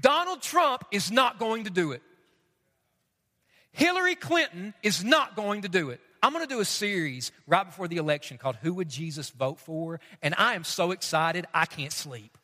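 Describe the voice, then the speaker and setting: A man's voice: high-pitched, sing-song, moderate pace, pushed and bright, in a large hall. A man preaching a sermon as pastor, emphatic and fond of repeating his questions for effect.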